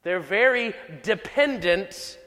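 Slow, high-voiced preacher in a reverberant hall. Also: male voice, lively intonation, bright, forceful tone. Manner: measured, emphatic preaching with slow repeated key lines. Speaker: pastor. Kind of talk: sermon.

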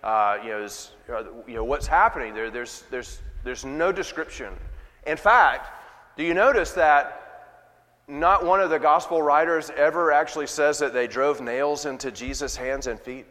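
A man's voice: fairly high pitch, moderate pace, fairly bright tone. A man preaching a sermon as pastor, reading scripture and leading prayer in an earnest, emphatic way. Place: church sanctuary. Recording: long reverb of a large church hall.

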